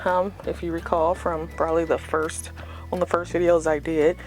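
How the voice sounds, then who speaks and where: A woman's voice: fairly low pitch, level tone, normal speed, soft background music. A woman giving a casual, unscripted tour of her front yard garden, chatty and rambling with self-deprecating asides, filmed outdoors on a phone.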